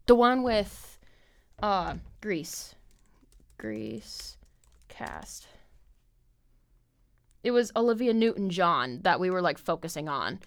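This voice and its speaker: A woman's voice: fairly low pitch, animated, slow pace, pauses often, clean tone, dry recording. A young woman hosting a podcast, telling a long story in a rambling casual monologue, full of "like" and swearing. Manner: filler-heavy, swears a lot. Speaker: podcast host.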